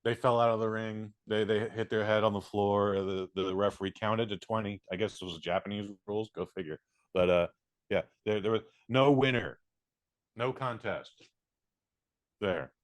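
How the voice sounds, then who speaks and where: A man co-hosting a casual comedy podcast, telling absurd stories in a deadpan, stammering way. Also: on the low side, normal speed, dry recording. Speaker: podcast co-host. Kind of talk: casual chat.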